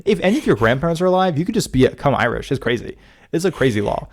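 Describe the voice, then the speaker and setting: With a higher-pitched voice, lively intonation and a fast delivery, this American man co-hosts a podcast. He chats casually and rambles, often stopping partway through his sentences.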